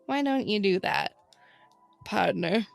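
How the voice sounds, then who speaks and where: Woman, podcast co-host, relaxed and teasing, faint music behind. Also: medium pitch, unhurried. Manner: easygoing, wry and teasing. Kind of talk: casual chat.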